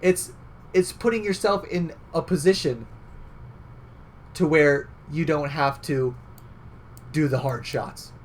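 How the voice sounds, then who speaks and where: A man's voice: on the high side, slow pace, long pauses, slight background noise. A young man giving casual game coaching, chatty and loose, often tagging on "right?" and fillers. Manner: conversational, filler-heavy, repeats "right?".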